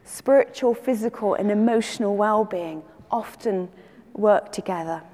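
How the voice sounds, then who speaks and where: A woman preacher giving a sermon in a measured, gentle teaching manner. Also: mid-range voice, in a large hall.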